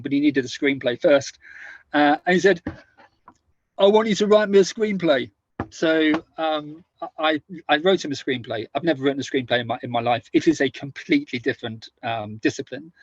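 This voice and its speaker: A middle-aged man from the United Kingdom chats as a podcast guest, his fairly high voice stumbling over repeated words as he spins his anecdotes. The sound is dry and a little dull, like a lo-fi remote recording. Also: no echo. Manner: halting, repeats and restarts words while telling anecdotes. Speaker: guest, author and former army officer. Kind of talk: casual conversational storytelling.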